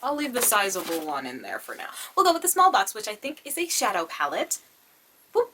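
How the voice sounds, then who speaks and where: A woman's voice: medium pitch, huge pitch swings, fast talker, sharp tone, a little hiss or hum. A young woman vlogger chatting through an unboxing, gasping and gushing, often saying "y'all". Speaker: beauty vlogger. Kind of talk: excited unboxing chat.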